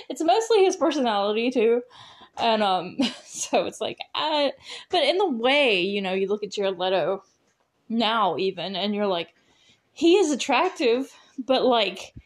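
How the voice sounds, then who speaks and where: A woman with a slightly high voice hosts a podcast on her own, talking in a loose, casual way. She laughs often between thoughts and leans on plenty of fillers as she rambles along. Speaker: podcast host. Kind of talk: casual solo chat.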